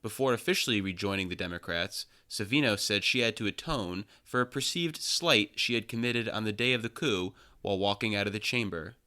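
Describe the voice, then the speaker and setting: A man reading scripted news narration in a measured, even way. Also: lowish voice.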